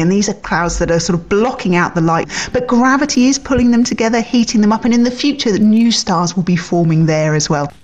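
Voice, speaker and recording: A female astronomer explains the image with vivid enthusiasm. She often speeds up and sometimes drops to a whisper. Her voice is at a middle pitch. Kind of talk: explaining in an interview.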